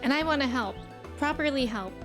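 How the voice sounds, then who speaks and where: A woman's voice: high-pitched, animated, fairly quick, music in the background. A woman reading as a plain-spoken young commoner. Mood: earnest.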